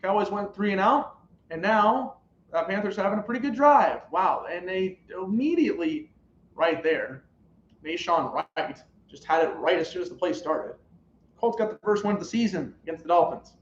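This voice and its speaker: A young man streaming live reactions to a football game, calling plays and shouting at big moments. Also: high voice, lively intonation, moderate pace, a little hiss or hum. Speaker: sports streamer. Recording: roomy, dull lo-fi live stream audio.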